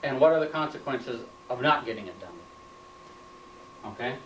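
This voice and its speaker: A man's voice: medium pitch, animated, normal speed, noisy background. A man giving a training lecture, plainly stating points and repeating them as questions, recorded indoors on a camera mic from a distance. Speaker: instructor. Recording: roomy, off-mic room sound.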